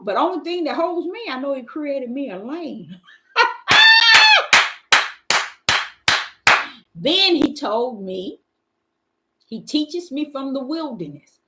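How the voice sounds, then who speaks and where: Middle-aged woman preaching off the cuff, lively up and down voice, higher pitched, keeps saying y'all. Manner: folksy and emphatic, often calls out to listeners. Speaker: host answering Bible questions. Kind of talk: informal preaching to a live audience.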